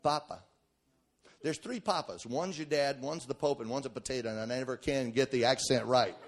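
A middle-aged man preaching a sermon, emphatic and folksy, swinging from shouted points to quiet joking asides. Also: medium pitch, brisk.

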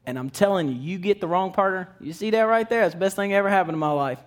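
A man in his thirties, a children's evangelist, preaching a lively sermon that builds to shouts. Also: high voice, fast talker. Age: 30s.

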